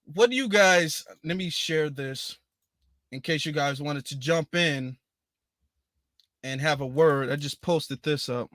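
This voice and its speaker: A man's voice: on the high side, takes it slowly, a bit bright, dry recording. A man hosting a livestream in a casual commentary style. He is emphatic and indignant and repeats his points. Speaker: livestream host.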